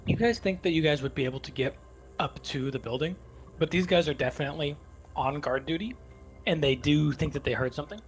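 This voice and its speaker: A man running a tabletop game as game master, explaining rules at a relaxed pace with many fillers. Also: fairly high pitch, brisk, faint music behind, low-quality recording. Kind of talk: narrating a tabletop game over voice chat.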